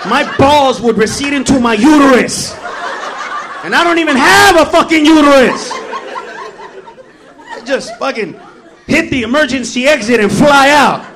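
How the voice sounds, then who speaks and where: A man's voice: extremely high pitch, sing-song, a little slow, pauses often, a crowd in the background, background noise. A man doing a stand-up set with a brash, profane, punchy delivery. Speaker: stand-up comedian. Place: comedy club stage. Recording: live club with loud audience. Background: laughing live audience.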